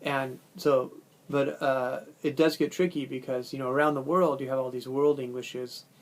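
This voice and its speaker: A man with a Californian accent teaches a language lesson on video. His pitch stays level with little rise and fall. He speaks loosely, with frequent fillers and self-corrections. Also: level tone, normal speed. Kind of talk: recorded video lecture.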